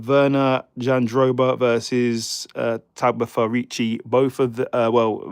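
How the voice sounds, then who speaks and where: A man's voice: medium pitch, no room sound, clean studio sound. Rambling man doing fight picks. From United Kingdom. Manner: rambling, stumbles over fighter names, chats with viewers. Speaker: livestream host. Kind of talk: casual live-stream fight predictions.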